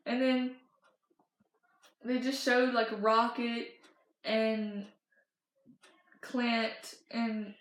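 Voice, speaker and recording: Teen girl fan vlogger, excited gushing chatter, slightly high voice, roomy echo. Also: very slow, long pauses. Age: teens. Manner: gushing, breathless storytelling with many fillers and restarts. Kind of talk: excited casual chat.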